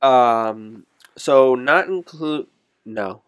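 A man's voice: medium pitch, drawn-out words, smooth, no echo, clean studio sound. A man chatting casually about places he'd like to travel, rambling and correcting himself as he goes. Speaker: conversation partner. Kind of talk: casual chat.

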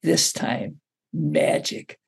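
A man, a basketball coach, telling a story as a guest in an interview, lively and often putting questions to the listener. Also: fairly high pitch, drawn-out words, gravelly, slightly rough. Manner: animated storyteller who poses questions to the listener.

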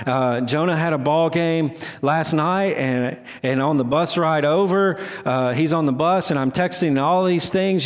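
A man's voice: on the high side, moderate pace, few pauses. A middle-aged man preaching a sermon as pastor, conversational and self-deprecating, often restarting his sentences. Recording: long hall reverb.

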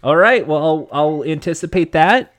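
A man's voice: on the high side, expressive, moderate pace, a bit bright. A man hosting a casual comedy podcast, joking goofily and stumbling over his words. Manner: goofy, joking, stumbling restarts. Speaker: podcast host.

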